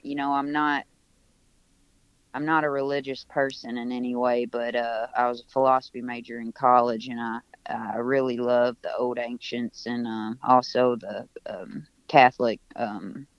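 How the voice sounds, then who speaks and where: A man with a smooth, clear voice tells his story in an easy, rambling way, circling back and restarting as he goes. He speaks from home on a video call, and the sound is dry and a bit dull, with no room echo. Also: medium pitch, flat delivery, moderate pace. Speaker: musician guest. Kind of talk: casual remote interview.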